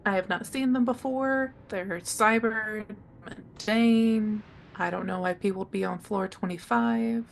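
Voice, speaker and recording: A woman's voice: medium pitch, a little slow, vocal fry, a little hiss or hum. A woman playing a tabletop role-playing game, chatty and playful. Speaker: player.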